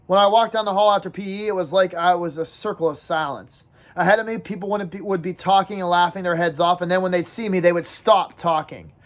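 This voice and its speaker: A woman teacher reading a novel aloud in first person to her class, pausing to talk to her students and ask them questions. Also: fairly low pitch, steady tone.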